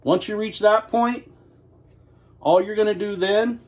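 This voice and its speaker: A middle-aged man with a slightly higher voice walks through a recipe in his home kitchen. He talks casually and folksily, teasing himself as he goes. It sounds like a relaxed cooking lesson at home. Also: a little slow, slight background noise. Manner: joking, folksy, self-mocking. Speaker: homestead cooking host.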